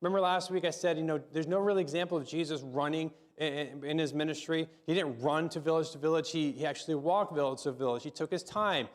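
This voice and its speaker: A middle-aged male pastor gives a sermon in a relaxed, conversational manner. His voice sits a little higher than most men's. He stumbles over and repeats words and keeps asking the room questions. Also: quick pace, few pauses.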